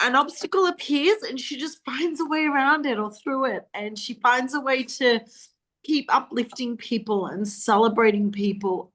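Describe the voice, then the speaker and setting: A woman's voice: a little high, fairly bright tone. A woman hosting a team video call, giving an effusive speech of praise with laughter.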